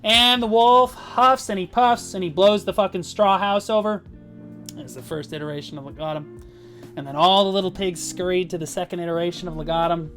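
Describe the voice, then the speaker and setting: A man's voice: high-pitched, a little fast, fairly bright tone, soft background music. A man talking casually on a livestream as a guild leader, rambling and swearing as he tells boastful stories. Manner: profane, rambling, boastful storytelling.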